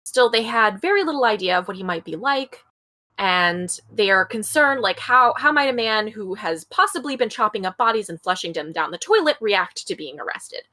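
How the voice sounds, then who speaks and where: A woman with a bright, crisp voice talks through a case in casual podcast storytelling. She reads passages aloud and breaks off for her own chatty asides. Her pitch sits at an ordinary level for a woman. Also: expressive, normal speed, no room sound, poor audio. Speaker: podcast co-host. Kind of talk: casual true-crime storytelling.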